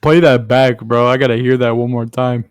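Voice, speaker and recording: A man co-hosting a reaction video in a relaxed, amused way, recorded dry with no room sound. His voice sits at an ordinary middle pitch. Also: moderate pace, clear, resonant tone, dry recording. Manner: laid-back, says bro a lot. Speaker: reaction show co-host. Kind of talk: casual reaction commentary.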